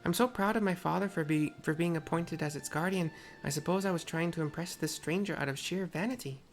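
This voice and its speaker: A gamer voicing an earnest young woman warrior who blames herself, in a put-on mixed accent, reading her lines measured and serious. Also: on the low side, soft background music, pitched above the performer's own voice, lightly acted.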